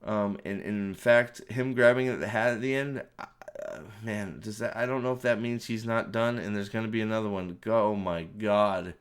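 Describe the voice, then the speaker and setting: A man's voice: fairly low pitch, moderate pace, smooth. A man giving a ranting spoiler review of a movie, sarcastic and exasperated, full of swearing, rambling and restarting his sentences.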